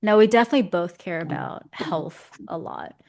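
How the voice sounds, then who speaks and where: A young woman talking casually as an interview guest, chatty, self-deprecating and quick to laugh. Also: lowish voice, vocal fry, darkish tone. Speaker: interview guest, visual development artist. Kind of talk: casual conversation.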